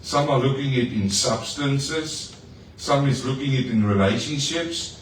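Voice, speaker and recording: Lively preaching man in an echoey hall. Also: mid-range voice, a little slow, slight background noise. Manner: lively preaching with playful asides to the congregation. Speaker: pastor. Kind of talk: sermon. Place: church hall. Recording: echoey hall, mic far off.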